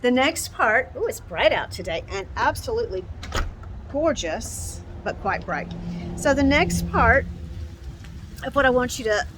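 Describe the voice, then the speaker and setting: A woman in her sixties giving gentle, encouraging self-help advice outdoors on a bright day, often repeating herself and restarting phrases. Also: on the high side, sing-song, a little slow, a little hiss or hum. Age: 60s. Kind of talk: casual instructional talk to camera.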